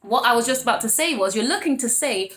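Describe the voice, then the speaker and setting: A woman giving a casual tarot reading, gushing and emotional, calling listeners sweetie pies and baby, and rambling with many restarts and corrections. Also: fairly high pitch. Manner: excitable and emotional, quick to laugh. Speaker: tarot reader.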